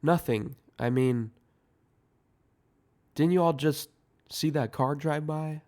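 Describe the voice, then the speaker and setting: A man's voice: fairly high pitch, slow pace, a little mellow, voice pushed up. A man reading the lines of an irritable, baffled young man in an audio screenplay, in a near-everyday voice. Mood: irritated.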